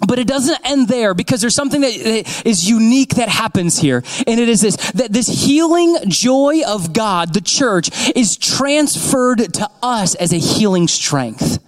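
A young man with a very high voice preaches a casual, story-driven sermon. He talks conversationally, repeats himself and keeps asking "right?". He breaks into animated, excited voices to act out scenes. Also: a little slow, hardly any pauses, rough recording. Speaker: pastor.

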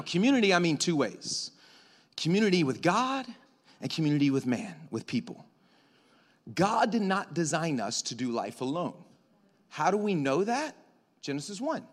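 A man preaching a sermon as pastor, conversational and animated, joking and acting out voices. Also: sits high. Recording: long hall reverb.

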